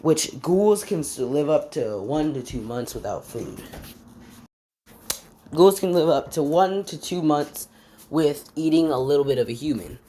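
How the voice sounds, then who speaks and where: Low-voiced woman rambling through a fan story. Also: lively intonation, measured pace, dark tone, slight background noise. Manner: rambling, many fillers, forgets names mid-sentence. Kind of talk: improvised fan-story narration.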